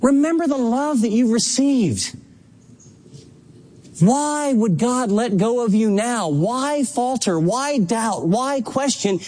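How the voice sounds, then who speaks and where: A man preaching with a notably high-pitched voice, emphatic and impassioned. His delivery rises and presses as he urges his listeners on. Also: expressive, slow, darkish tone. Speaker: pastor. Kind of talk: sermon.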